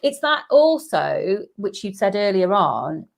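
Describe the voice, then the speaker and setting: A woman's voice: medium pitch, big pitch swings, slow, gravelly. A middle-aged woman guest, a business coach, chatting casually, laughing often and agreeing readily. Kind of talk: casual chat.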